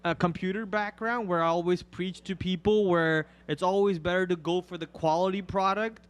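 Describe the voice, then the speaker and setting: A joking, bantering man co-hosting a live trading show, chatting casually about the market. His voice sits a bit higher than most men's. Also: steady tone, smooth, lo-fi sound. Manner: joking, bantering, quick asides. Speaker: trading stream co-host.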